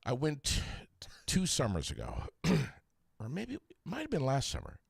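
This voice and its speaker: A male radio host chatting on air and spinning a funny story with plenty of exaggeration. His pitch leaps and falls wildly from one phrase to the next. The sound is close and dry, with no room around it. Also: unhurried, creaky, breathy edge, no room sound. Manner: animated joking storyteller. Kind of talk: casual on-air chat.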